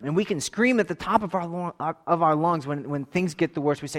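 A man in his thirties preaching a sermon, moving between forceful raised passages and quiet, intimate tones. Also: a little high, brisk, few pauses. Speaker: pastor.

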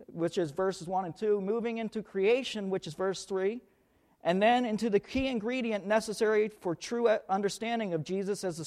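A man's voice: sits high, darkish tone. A man preaching a sermon, who leans hard on key words, repeats them, and thinks aloud while hunting for verses.

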